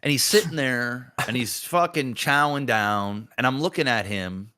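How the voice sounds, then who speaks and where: A man hosting a podcast, chatting casually and telling a story in a lively, profane way about his son. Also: mid-range voice, normal speed, clear, resonant tone. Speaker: podcast host; father.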